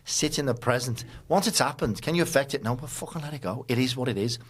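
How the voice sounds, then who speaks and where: A man's voice: medium pitch, fast, slight background noise. A man hosting a podcast in casual conversation, blunt and emphatic, swearing freely. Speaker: podcast host.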